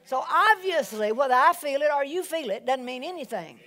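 Woman pastor, lively sermon delivery, slightly high voice, calls out often. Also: brisk. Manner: animated preaching with exclamations.

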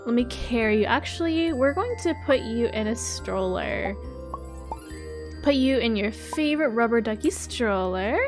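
A young woman giving bubbly, excitable role-play game commentary, gasping often. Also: a little high, unhurried, music in the background. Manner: bubbly and excitable, frequent gasps. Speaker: gaming YouTuber.

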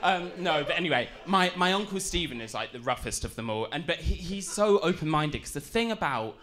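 Brief: young English man, camp and giggly stand-up, lively high-ish voice, audience noise in a live club. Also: fairly quick. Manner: camp, giggly, self-deprecating. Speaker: stand-up comedian. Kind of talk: stand-up comedy set. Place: comedy club stage. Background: audience laughter.

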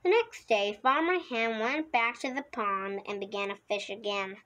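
This woman's pitch sits fairly high and her tone is sharp as she reads a picture book for children, taking it slow with the odd slip and restart. The recording is rough.

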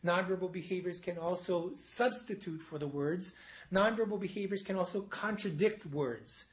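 A man with a fairly high voice lectures to a studio audience. He explains patiently and often starts a phrase over as he demonstrates points. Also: normal speed, poor audio. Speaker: psychology professor. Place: university studio before an audience.

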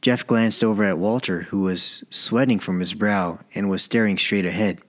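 A man narrating his own short story as an audiobook, in a measured, even reading. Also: lowish voice. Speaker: author and narrator.

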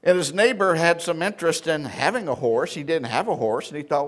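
A male pastor with a Southern Indiana accent delivers a sermon in a church, stringing together homespun stories. He asks the congregation questions and answers them himself. His voice sits a touch above the usual male pitch. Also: normal speed. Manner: folksy storytelling preacher, call and response.

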